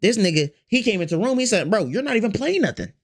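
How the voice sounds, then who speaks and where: A man spinning a storytime for his chat with a swooping, animated voice. He talks in loose slang, swears freely and doubles back on his own phrases while acting out each quote. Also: sits high, quick pace, slightly rough. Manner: slangy, profane, repeats phrases, acts out quotes. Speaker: storytime vlogger.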